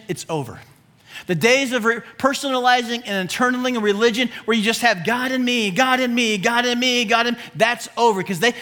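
High-voiced, animated male preacher. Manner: animated and humorous, swinging between loud emphasis and low asides. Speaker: pastor. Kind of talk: sermon.

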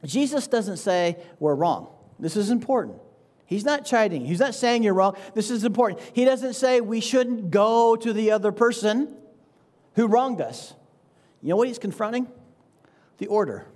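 A man with a notably high voice preaches a sermon in an easygoing, conversational way. He keeps checking in with his listeners with a quick "right?" and lets small chuckles slip between his points. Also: animated, a little mellow. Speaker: pastor.

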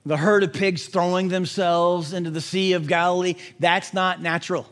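A male pastor preaching a sermon in an animated way, mixing in jokes and puns. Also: sits high, moderate pace.

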